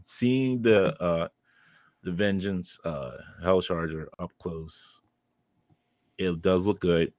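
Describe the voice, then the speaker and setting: A man's voice: deep voice, slow, darkish tone, dry recording. A man co-hosting a podcast, recapping a convention in casual chat, rambling with many ums and laughs. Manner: rambling, filler-heavy, laughs while telling stories. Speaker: podcast co-host.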